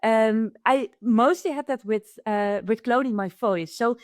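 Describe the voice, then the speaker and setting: A woman's voice: on the high side, a little slow, dry recording, studio quality. A woman with a Dutch accent, talking enthusiastically as a guest in an interview and often restarting her sentences. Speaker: guest, AI consultant. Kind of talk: conversational interview.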